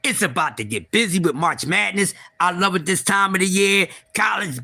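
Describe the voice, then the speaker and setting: A man hosting a casual livestream, excitable and profane, talking straight to his viewers and often repeating and restarting. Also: high voice, normal speed, gravelly. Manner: excitable, profane, talks to chat. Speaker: livestream host.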